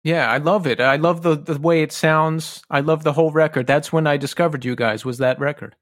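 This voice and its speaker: Eager fan host, higher voice, dry sound. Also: male voice, steady tone, fairly quick, no echo. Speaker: podcast host. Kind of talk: casual podcast interview.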